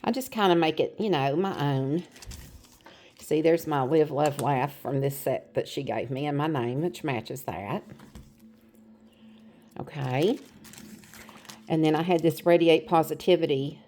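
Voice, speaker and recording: Low-pitched middle-aged woman, rambling casual vlogger into a phone camera. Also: measured pace, pauses often, warm tone, a little hiss or hum. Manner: chatty, rambling with fillers. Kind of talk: casual show-and-tell chat.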